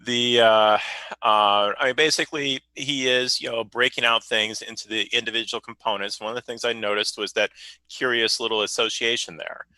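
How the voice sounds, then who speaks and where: A man, a software developer, explaining a technical problem in a meeting, hesitant and full of fillers. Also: medium pitch, steady tone, moderate pace, no echo, poor audio. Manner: hesitant, many fillers and restarts.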